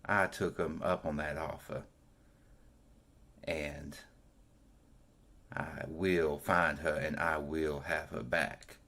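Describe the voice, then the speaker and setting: Brief: a man playing a grim, vengeful woman, low-voiced and slow, telling her past for a tabletop game. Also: level tone, creaky, sharp tone, full character voice. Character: Belladonna Rixa, vengeful woman searching for her mother. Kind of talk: in-character monologue in a tabletop game.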